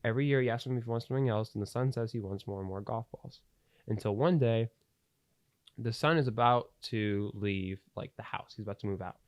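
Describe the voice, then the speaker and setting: A man's voice: medium pitch, a little fast, dry recording. A young man hosting a podcast, telling a long story in a rambling way with plenty of fillers and restarts. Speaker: podcast host. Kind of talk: casual storytelling. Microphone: studio podcast mic.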